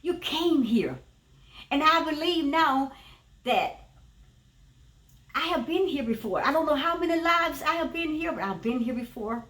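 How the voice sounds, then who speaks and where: A woman with a high voice shares a spiritual testimony, earnest and emphatic, circling back over her own phrases. She sits back from the microphone, so her voice carries a roomy echo. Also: expressive, normal speed, pauses often, fairly bright tone, distant mic. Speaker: teacher and former preacher.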